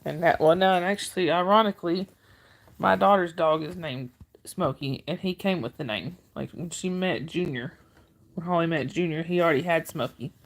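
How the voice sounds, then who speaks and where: Woman, middle-aged, fairly low voice, gravelly, casual livestream chat, reads comments aloud, coos at her dog. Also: normal speed. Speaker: livestream host chatting with viewers.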